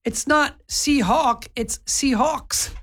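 A woman's voice: high-pitched, slow. Laid-back lady on morning radio, chatting and laughing along. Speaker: radio morning show co-host. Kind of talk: casual on-air banter.

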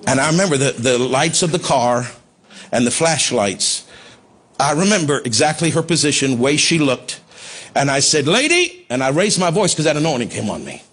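A man pastor telling a testimony in a sermon, impassioned, building to shouts at the climax. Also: medium pitch, expressive, moderate pace, breathy edge. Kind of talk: sermon storytelling.

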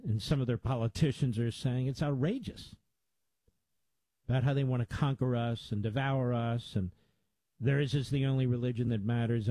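A man's voice: mid-range voice, warm tone, dry recording, poor audio. A male radio host delivering emphatic, indignant talk radio commentary with lots of repetition.

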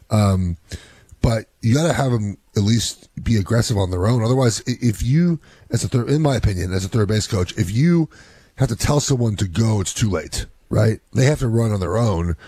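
A man, a youth softball coach and father, chatting casually and retelling stories with laughter. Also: on the low side, normal speed, slightly rough, no room sound. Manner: animated storyteller, laughs while retelling. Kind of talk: casual chat.

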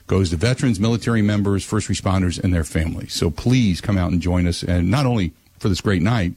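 A man hosting a radio talk show, giving blunt opinions and ranting, his voice climbing high when he gets worked up. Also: a little fast, darkish tone, breathy edge.

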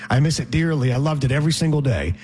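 A man's voice: fairly high pitch, expressive, fast talker, darkish tone, slight background noise. A man hosting casual sports talk, sardonic and ranting.

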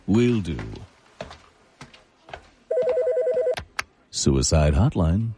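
A man's voice: sits low, animated, takes it slowly, heavy background noise. An actor playing a sly, devilish man posing as a suicide hotline counselor, coaxing and sinister. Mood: smooth. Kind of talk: audio drama acting.

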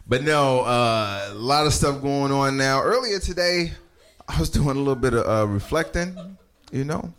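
A man's voice: mid-range voice, expressive, normal speed, a bit bright. A man doing a casual stand-up set, talking straight to the audience in a loose, profane way. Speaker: stand-up comedian.

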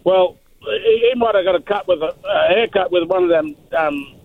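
Australian male caller, high gravelly voice, laconic and halting, muffled lo-fi phone line. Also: dry recording.

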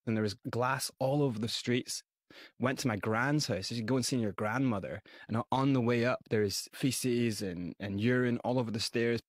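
A man with a Scottish accent, a radio interview guest telling his life story in a vivid, animated way. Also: medium pitch, moderate pace, dry recording. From Scotland and South Africa.

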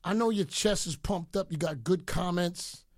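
A man's voice: high voice, moderate pace, dry recording, studio quality. A middle-aged man delivering a boastful, taunting rant aimed at rivals, mock-pleading with them to leave him alone. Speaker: radio DJ. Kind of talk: ranting commentary.

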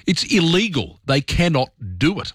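A man's voice: fairly high pitch, expressive, moderate pace, a bit bright, slightly rough, no echo, clean studio sound. An Australian man hosting talkback radio, talking through his opinions in a conversational, opinionated way with plenty of fillers.

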